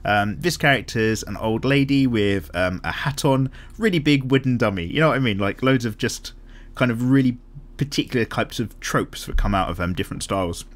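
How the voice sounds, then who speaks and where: A man's voice: medium pitch, brisk. A man hosts a casual art chat, reading viewer comments aloud in a rambling, self-deprecating way with frequent ums. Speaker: art channel host.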